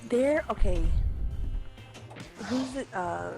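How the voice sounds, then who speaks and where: A woman's voice: fairly high pitch, animated, slow, gravelly. A woman chatting casually as a guest on a friend's game stream. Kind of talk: casual chat. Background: game music.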